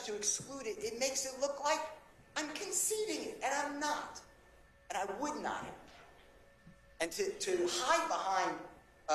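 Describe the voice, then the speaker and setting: The defense attorney's voice sits high with a fairly bright tone, and there's a little hiss or hum on the recording. Before the judge he argues with insistent, impassioned pleading, the courtroom echoing around him with faint ambience.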